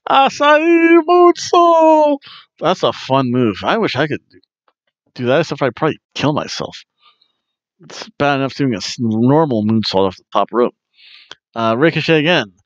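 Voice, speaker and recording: A man's voice: medium pitch, dry recording, muffled recording. A man hosting a wrestling review podcast, rambling casually through a recap and breaking into goofy chants and sing-song asides.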